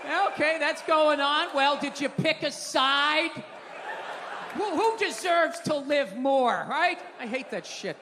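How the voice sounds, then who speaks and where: Sardonic high-voiced male comedian in a hall. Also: lively intonation, moderate pace. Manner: sardonic, profane, loud exasperated rants. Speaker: stand-up comedian. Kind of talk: stand-up comedy set. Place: large live venue with audience. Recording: reverberant hall with crowd and noise.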